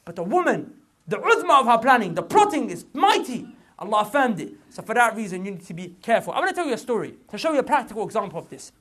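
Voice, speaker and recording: Man, high voice, very lively pitch, preaching, repeats points, street slang. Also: quick pace. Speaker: Islamic preacher. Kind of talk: lively religious lecture to a young audience.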